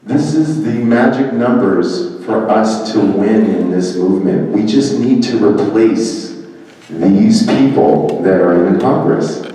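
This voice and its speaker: A man's voice: lowish voice, mellow. A man running for office, giving a public talk and telling stories in a conversational way, acting out the people he quotes. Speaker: political candidate giving a talk. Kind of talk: public speech. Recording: echoey hall, mic far off.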